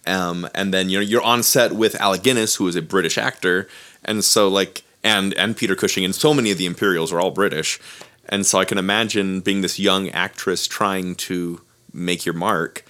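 Man, fairly low voice, casual panel chat, lots of filler words. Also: fairly even intonation, moderate pace, fairly bright tone. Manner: chatty, fills with "like" and "you know".

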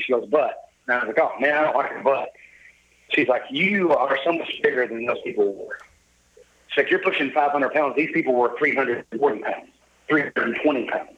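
A cheerful middle-aged man with a drawl, talking at an easy middle pitch. He tells a long personal story and slips into the voices of the people he quotes. The recording is a little dull and lo-fi, like a modest podcast setup. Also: steady tone, fairly quick. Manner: upbeat, jovial storyteller who acts out quoted dialogue. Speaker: podcast guest. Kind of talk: casual storytelling interview.

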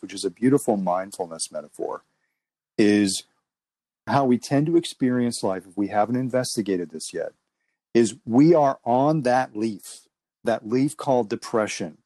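Calm therapist-type host on a podcast, mid-pitched voice, slow measured explaining, dry close sound. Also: no echo. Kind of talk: reflective conversation.

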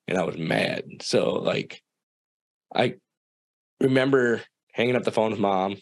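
A young man from South Dakota, a guest telling a personal story in a casual, profane, animated way, acting out the people in it. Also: deep voice, no room sound.

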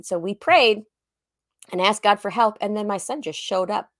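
A woman co-hosting a podcast over a video call, who giggles often and tells stories in a relaxed, chatty way. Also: mid-range voice, normal speed, no echo, clean studio sound. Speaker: podcast co-host. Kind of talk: casual chat.

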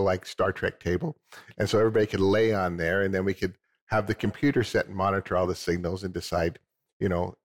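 A man, an inventor guest, telling his story in a TV interview with halting restarts and chuckles. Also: low voice.

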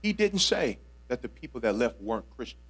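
A man preaching a sermon as a guest preacher, swinging from hushed, conversational asides to shouted lines. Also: mid-range voice, big pitch swings, fairly quick, slightly rough. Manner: casual, conversational with playful voiced asides.

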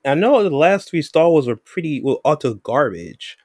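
A man's voice: a little high, big pitch swings, normal speed, a little mellow, husky, no room sound, clean studio sound. A man co-hosting a casual podcast chat, speaking emphatically. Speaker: podcast co-host.

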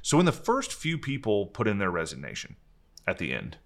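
A man's voice: lowish voice, wildly swooping pitch, creaky. A man leading a company, candidly telling a long story on a video call in an earnest way, often restarting his sentences. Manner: earnest, frequent restarts, speeds up and slows down. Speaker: company leader and podcast host.

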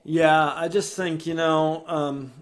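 A man, podcast co-host and ministry founder, telling a faith testimony with lively rises in energy and frequent word repeats. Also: takes it slowly. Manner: animated, rises in pitch and energy when excited; repeats words and restarts sentences. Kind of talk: storytelling testimony in an interview.

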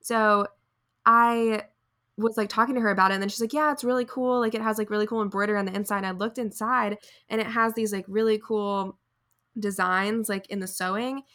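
A young woman from near Raleigh, North Carolina co-hosts a podcast in casual chat, saying "like" a lot and laughing frequently. Her voice is medium-pitched with little pitch movement, brisk, pushed and bright.

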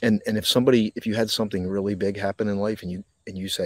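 A man hosting a live mindfulness podcast from a park, talking slowly and reflectively with dramatic pauses and reading viewer comments. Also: on the low side, steady tone, slightly rough, no echo. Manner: reads and answers viewer comments. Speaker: podcast host. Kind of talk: live-streamed mindfulness talk. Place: outdoors in a park.

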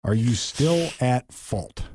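A man's voice: medium pitch, animated, takes it slowly, mellow, slightly rough, no echo, studio quality. A man, co-hosting a podcast in easygoing casual chat and telling stories. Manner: storytelling, easygoing, chuckles.

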